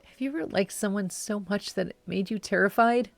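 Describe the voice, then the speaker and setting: A streamer voicing a tearful young adult confiding in their mother on the phone, in a soft, shaky, pleading voice. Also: medium pitch, a little fast, gravelly, no echo, pitched above the performer's own voice, lightly acted. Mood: vulnerable.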